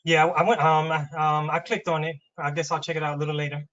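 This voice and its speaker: A man's voice: a little high, little pitch movement, quick pace, fairly bright tone. A man joining a webinar by video call, speaking casually and a little unsure of himself. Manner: hesitant, unsure, restarts. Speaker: webinar participant. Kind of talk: casual conversation. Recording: dull lo-fi call audio.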